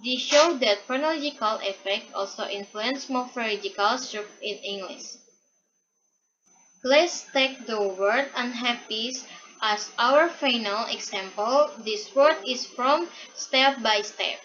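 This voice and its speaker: Young woman student, reading a class presentation, unhurried and halting, bright and slightly high voice. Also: slight background noise. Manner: reads a prepared script haltingly, with repeated restarts. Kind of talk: read-aloud class presentation. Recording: dull lo-fi recording.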